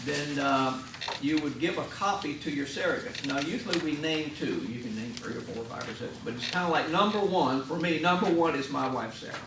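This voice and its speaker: A man's voice: on the high side, a little fast, background noise. A man, a hospital chaplain instructor, giving a classroom lecture in a folksy way and acting out patients and families in little scenes. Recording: echoey room, mic at a distance.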